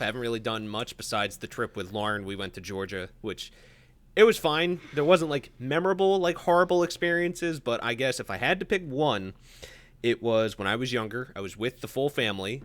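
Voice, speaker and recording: A man co-hosting a podcast, telling a story in a casual, rambling way. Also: medium pitch. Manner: relaxed anecdote telling with fillers, bursts into laughter. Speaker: podcast co-host.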